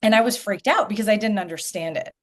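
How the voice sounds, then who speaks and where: A middle-aged woman tells a personal story on a podcast, her voice at an ordinary middle pitch. She tells it with animation and slips into the voices of the people she quotes. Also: quick pace. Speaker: energy healer guest.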